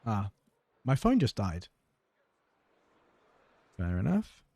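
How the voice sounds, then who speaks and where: A man's voice: lowish voice, wildly swooping pitch, takes it slowly, vocal fry, darkish tone, no room sound. Casting: man, dry, offhand game commentary, close and dry-sounding mic. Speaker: gameplay commentator. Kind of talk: casual let's-play commentary.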